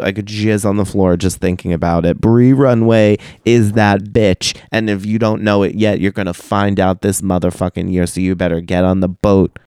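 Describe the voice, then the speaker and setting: A man's voice: on the low side, darkish tone, smooth, no echo, clean studio sound. Profane theatrical man hosting podcast. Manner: profane, theatrical, acts out dialogue in shifting voices. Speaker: podcast host. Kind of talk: casual solo podcast rant.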